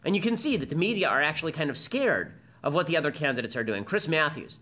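A man's voice: fairly high pitch, very animated, sharp tone. A man hosting a podcast, delivering combative political commentary as a monologue. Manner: combative, fast-talking monologue. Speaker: podcast host.

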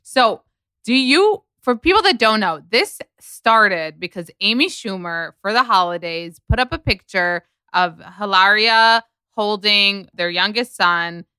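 Bright, crisp-voiced woman podcast host. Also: mid-range voice, animated, no echo. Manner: chatty, emphatic, quick asides. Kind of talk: casual chat.

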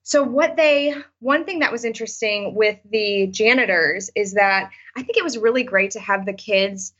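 A woman's voice: medium pitch, moderate pace, a bit bright, slightly rough, lo-fi sound. A woman teacher talking casually in an interview, with many fillers and restarts. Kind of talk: interview answers, storytelling.

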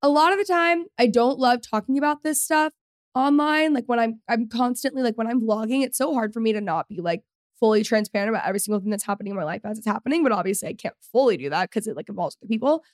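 A woman's voice: on the high side, fast talker, no room sound, clean studio sound. A woman in her twenties hosting a solo podcast, chatting casually and rambling with lots of fillers. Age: 20s. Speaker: podcast host.

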